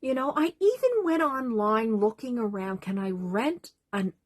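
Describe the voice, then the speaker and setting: A woman's voice: on the high side, expressive, measured pace, dry recording. An older woman talking to her camera in a small doll room at home, rambling and emotional, often losing her train of thought. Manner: rambling, emotional, easily sidetracked. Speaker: vlogger. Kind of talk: casual talk to camera.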